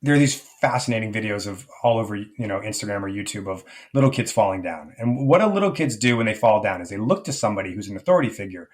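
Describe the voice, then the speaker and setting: A man's voice: fairly low pitch, lively intonation, fast, few pauses. A man speaking as a life coach guest in a podcast interview, reflective and rambling, with many fillers and restarts.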